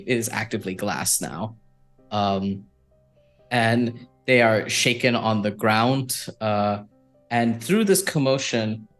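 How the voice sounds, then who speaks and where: A man narrating a tabletop game as game master, unhurried and thinking aloud with frequent fillers. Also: medium pitch, fairly bright tone.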